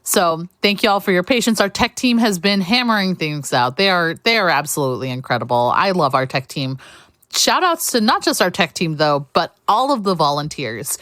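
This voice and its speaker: Woman, marathon host, lower voice, dry close sound, chatty and upbeat, thanking donors. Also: animated, normal speed, fairly bright tone, no room sound. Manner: upbeat, chatty, reads out donations. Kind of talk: live charity stream hosting.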